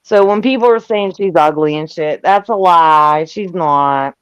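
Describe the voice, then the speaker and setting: An older woman chatting on a live stream, loud, brash and profane, laughing often. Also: on the low side, unhurried, clear, resonant tone, no echo. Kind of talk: casual chat. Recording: dull lo-fi sound.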